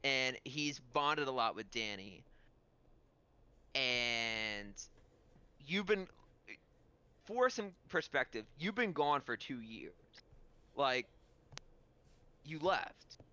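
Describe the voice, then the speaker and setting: A man's voice: mid-range voice, animated, drawn-out words, pauses often, pushed and bright, muffled recording. A man running a tabletop game as game master, narrating in a rambling, filler-heavy way.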